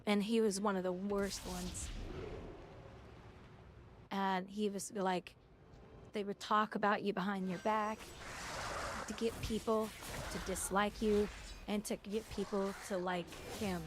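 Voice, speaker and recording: A woman's voice: mid-range voice, little pitch movement, measured pace, long pauses, background noise. A woman game streamer in casual chat, spinning stories in a chatty way while she plays. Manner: chatty storytelling with restarts.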